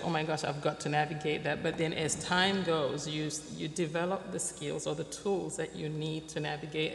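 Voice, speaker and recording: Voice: medium pitch, gravelly, a bit bright. A panelist at a community forum who speaks reflectively and conversationally. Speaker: immigrant panelist. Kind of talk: panel discussion answer. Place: church hall. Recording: echoey hall, faint noise.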